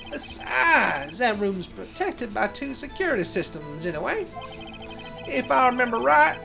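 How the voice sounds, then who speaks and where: A woman voicing a swaggering cowboy detective man, drawling folksy lines in a deliberately bad Texan accent. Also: fairly high pitch, gravelly, pitched above the performer's own voice, full character voice. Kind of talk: fan voice-acting of a game.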